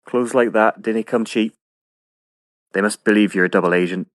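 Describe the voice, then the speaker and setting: An actor playing a sardonic Scottish outlaw with a put-on, inauthentic Scottish accent, dry and matter-of-fact. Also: male voice, lowish voice, fairly even intonation, normal speed, dry recording, natural voice. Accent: attempted Scottish, not authentic. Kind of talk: comic audio drama acting.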